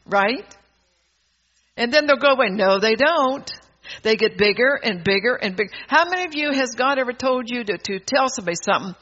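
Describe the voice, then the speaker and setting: A woman preaches in a bright, tense voice, emphatic and scolding as she presses the congregation. The sermon is caught on a dull, lo-fi recording. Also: a little high.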